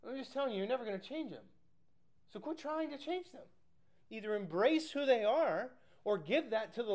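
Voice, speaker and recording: A middle-aged man preaches to his congregation in a slightly raised voice, telling stories and acting out what people said. He moves between quiet, reflective stretches and loud, emphatic bursts. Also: high voice. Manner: animated storytelling with acted quotes. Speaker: pastor. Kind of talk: sermon Bible study.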